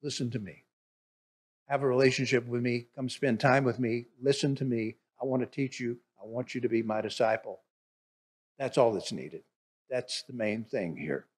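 A man voicing a gentle, patient male teacher who speaks tenderly to a follower. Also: moderate pace, slightly rough, lightly acted. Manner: soft, low, tender.

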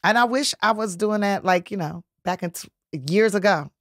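Woman comedian, podcast guest, mid-pitch, dry close sound, playful and joking. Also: moderate pace, no echo. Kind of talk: casual chat.

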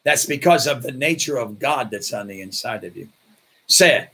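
A man's voice: medium pitch, normal speed, husky. A man preaching as pastor, telling stories and acting out the voices of people in them. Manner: animated, acts out voices in his stories. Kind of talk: sermon with storytelling.

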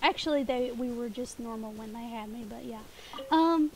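Southern woman streamer, high bright voice, giggly, chatty, stumbles over words now and then. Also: normal speed, a little hiss or hum. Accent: Southern US, Tennessee area. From southeastern United States. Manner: giggly, occasionally stutters and trips over words. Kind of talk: casual gaming stream chat. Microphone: desk microphone.

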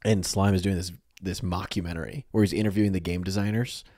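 A man's voice: deep voice, steady tone, quick pace, mellow, no room sound, clean studio sound. A man co-hosting a casual podcast, rambling in loose chatty sentences. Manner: rambling, lots of "like" fillers. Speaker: podcast co-host. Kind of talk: casual chat.

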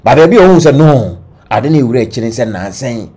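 A man with a Ghanaian accent giving animated entertainment-news commentary, switching between Twi and English. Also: mid-range voice, quick pace, slightly rough. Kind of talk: gossip commentary.

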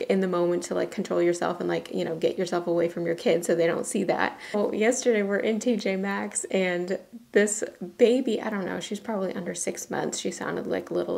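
A woman's voice: mid-range voice, creaky, a little mellow. A young woman chatting casually through her makeup routine at home, giggly and full of "like". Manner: chatty, giggly, uses "y'all" and "like" often. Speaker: beauty vlogger. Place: home bathroom.

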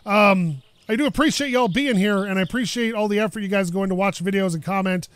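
A man's voice: high voice, quick pace, clean tone, no echo. A man chatting casually while playing a car game, rambling and self-deprecating, his voice a bit worn. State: losing his voice. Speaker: gaming YouTuber. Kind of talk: casual gameplay commentary. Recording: noisy game audio behind voice. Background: car engine and game ambience.

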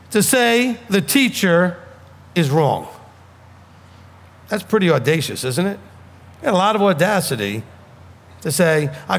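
A man's voice: high-pitched, vocal fry, big-room sound. A man with a New York accent preaching a sermon as a rabbi, blunt and emphatic.

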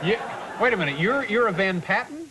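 A man's voice: high-pitched, lively intonation, brisk, sharp tone, slight background noise, low-quality recording. A man hosting a comedic talk show interview, asking questions in a polite, dry way. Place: TV studio with audience. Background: studio audience.

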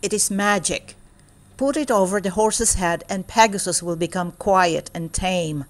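A woman voicing a kindly goddess who helps a prince in a calm, reassuring manner. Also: fairly low pitch, measured pace, close to an everyday voice.

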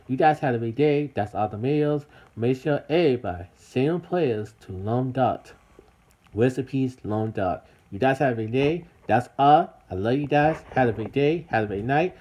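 A mellow, mid-range male voice belongs to a vlogger from the United States out in the city. He speaks casually and repetitively to his viewers, repeatedly addressing them as everybody.

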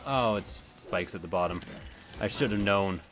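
A man with a lowish, fairly bright voice talks at a moderate pace over soft background music. He's a let's-play gamer giving loose, rambling commentary on a video game, cursing a lot and wandering off into asides.

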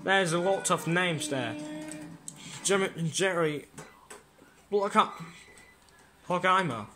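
A reaction host, giving slow, casual commentary on a DVD opening and saying "mate" again and again. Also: medium pitch, expressive. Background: loud DVD trailer music.

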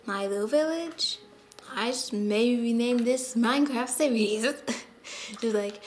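An excitable woman hosts her own gameplay video, chatting to viewers in a fairly high voice. She talks slowly, with long stretches of low muttering between her bursts of enthusiasm. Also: slight background noise. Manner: excitable and chatty, drops to mutters while playing. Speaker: gaming channel host. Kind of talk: casual gameplay commentary.

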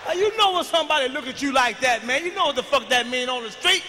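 Stand-up comic, man, very high and sharp voice, crude shouty rants, big hall reverb. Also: lively intonation, fast, noisy background. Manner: profane, loud ranting with shouted bursts. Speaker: stand-up comedian. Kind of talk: stand-up comedy routine.

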